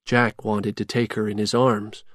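Storybook narrator, slow and lively in pitch, dry close mic. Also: dry recording. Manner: slow, clear, expressive reading. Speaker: audiobook narrator. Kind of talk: graded reader storybook narration.

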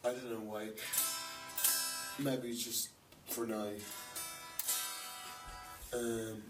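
A feverish man with a cracking voice, rambling casually, swearing and clearing his throat a lot. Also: medium pitch, flat delivery, drawn-out words, music in the background. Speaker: musician jamming with friends. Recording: echoey room mic from far off with noise.

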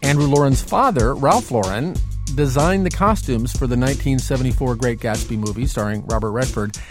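A man's voice: medium pitch, a little fast, music in the background. Man narrating a radio feature.

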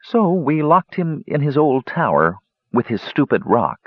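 A man's voice: on the high side, big pitch swings, unhurried, husky, dry recording, voice pushed up, heavily acted. A man doing a flippant, pleasure-loving blonde woman. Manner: lilting, dismissive chatter. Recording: dull lo-fi dry recording.

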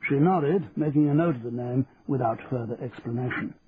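A man narrating in first person as a reflective, measured retired army colonel, over a tinny line with faint hiss. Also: medium pitch, natural voice. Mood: musing.

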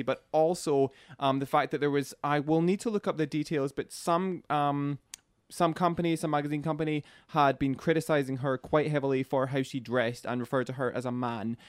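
A man's voice: medium pitch, clear, resonant tone, dry recording, studio quality. A man co-hosting a podcast, talking in a chatty, thoughtful way with frequent ums. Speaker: podcast co-host. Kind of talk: casual podcast chat.

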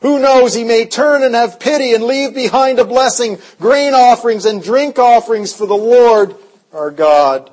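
A male preacher giving an impassioned sermon at a conference, dropping low and quiet, then rising loud and urgent. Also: normal speed, low-quality recording. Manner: impassioned, swings from hushed to loud. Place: conference hall.

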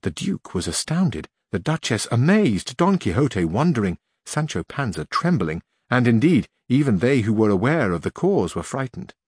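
Narrating a classic novel as an audiobook, this man tells the story in a measured, expressive way. His mid-range voice is slightly rough, captured in a dry, studio-quality recording.

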